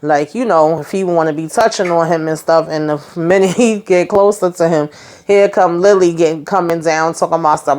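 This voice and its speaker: A woman's voice: on the low side, steady tone, fairly quick, darkish tone. A woman hosting a casual TV episode recap, chatty and rambling with lots of "you know" asides. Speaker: host.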